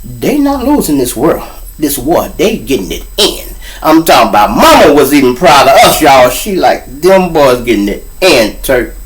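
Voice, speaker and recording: A middle-aged man from Chicago with a Chicago accent, hosting a show and telling street stories in a casual, animated way, acting out the people in them. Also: mid-range voice, normal speed, poor audio. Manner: animated, acts out voices of people in his stories. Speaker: storyteller host.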